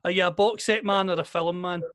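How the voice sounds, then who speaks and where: Male interviewer, high voice, brisk quick-fire questions. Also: steady tone, fairly bright tone.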